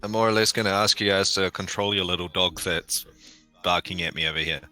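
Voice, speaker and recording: A man's voice: low voice, steady tone, brisk, pushed and bright, soft background music. A man playing a tabletop game, making dry understated remarks. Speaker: player. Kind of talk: casual tabletop play.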